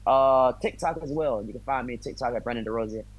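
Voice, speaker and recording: A man's voice: medium pitch, fast, muffled recording. Talkative friendly fighter man. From United States. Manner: friendly, talkative, loose American slang. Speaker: bare-knuckle fighter guest. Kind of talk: casual interview chat.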